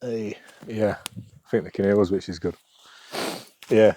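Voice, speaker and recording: A man co-hosting a casual podcast outdoors by a campfire, talking in a halting way with many restarts. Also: lowish voice, fairly even intonation. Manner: halting, many restarts and fillers, laughs softly. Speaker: podcast co-host. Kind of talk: casual chat.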